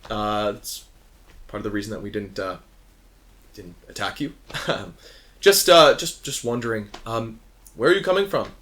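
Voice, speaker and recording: A man's voice: on the low side, measured pace, long pauses, fairly bright tone. A man voicing a courteous male half-elf soldier inspector in his thirties, fussy and stumbling in his politeness, in a tabletop game. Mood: polite.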